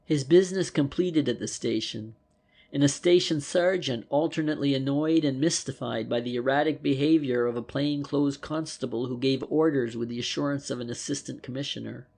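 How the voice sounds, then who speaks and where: A man reading a detective novel aloud as an audiobook narrator, with measured storytelling. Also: medium pitch, gravelly, darkish tone. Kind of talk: scripted narration.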